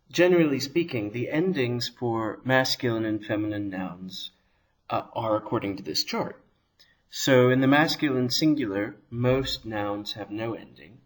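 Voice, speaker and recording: A man teaching a Hebrew grammar lesson, explaining slowly and carefully and pronouncing words deliberately. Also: mid-range voice. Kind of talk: scripted lesson narration.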